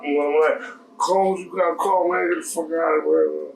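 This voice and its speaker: A man's voice: on the high side, steady tone, normal speed, gravelly, distant mic, a little hiss or hum. A man co-hosting a podcast, blunt and profane, trading bar stories in casual chat. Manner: blunt, profane, laughs often. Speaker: podcast co-host, bartender. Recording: roomy sound from off-mic.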